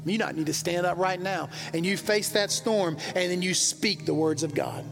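A man's voice: sits high, moderate pace, gravelly, hardly any pauses. A middle-aged pastor from the American South preaching a sermon to his congregation, telling stories and rising to fervent intensity. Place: large church hall. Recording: reverberant church hall with soft music.

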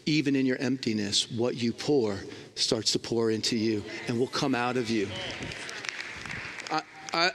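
A man's voice: medium pitch, fairly bright tone. A man preaching a sermon, telling a personal story with emphatic, swinging delivery. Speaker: guest preacher. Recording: long hall reverb.

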